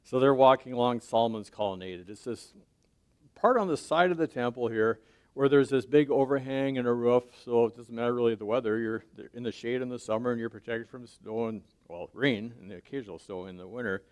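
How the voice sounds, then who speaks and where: A male pastor preaching in an easygoing, conversational way. He keeps checking in with his listeners and drops into a quiet, low tone for emphasis. His pitch sits in the middle range. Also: a little fast, clean tone. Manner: drops to a soft low voice on key points. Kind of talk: sermon.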